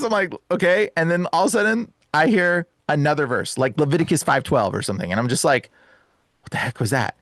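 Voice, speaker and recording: A young man recounts a personal story in a lively, rushed way, his voice jumping up whenever he quotes himself, and he breaks into laughter between lines. The sound is dry and close, with no room in it. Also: a little high, dry recording. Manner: animated, laughs often, says "bro" and "dude". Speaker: guest. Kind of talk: excited storytelling.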